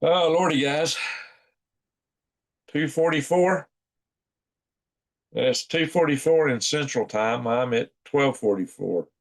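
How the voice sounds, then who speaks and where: A man's voice: mid-range voice, slow pace, long pauses. A sleepy man, hosting a casual late-night livestream, chuckling and reading chat aloud in a folksy drawl. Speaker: livestream host.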